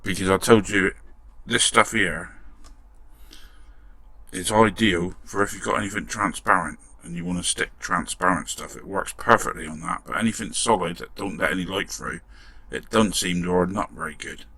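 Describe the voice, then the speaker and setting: Man, deep gravelly voice, casual workshop commentary, mutters and swears mildly as he works. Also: normal speed, bright, forceful tone, dry recording. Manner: chatty, muttering while working, mild swearing. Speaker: model restoration vlogger.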